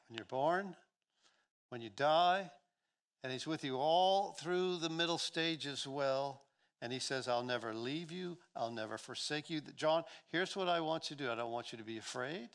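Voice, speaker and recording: A man's voice: medium pitch, gravelly, fairly bright tone. Impassioned male pastor preaching. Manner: impassioned, repeats words as he builds. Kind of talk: sermon.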